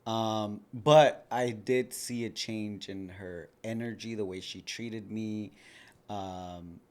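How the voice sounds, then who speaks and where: A man in his thirties, appearing as a podcast guest, speaks slowly in a fairly low, fairly even voice. He tells his own story frankly and conversationally, filling it with lots of "like."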